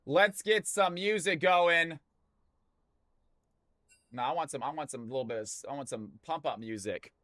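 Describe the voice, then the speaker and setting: A man hosts a live game stream with a bright, high voice and plenty of energy. He chats loosely with viewers and laughs often. The sound is close and dry. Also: unhurried, long pauses, no echo. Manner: hyped, chatty, laughs often. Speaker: stream host and caster. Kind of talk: casual live-stream chat.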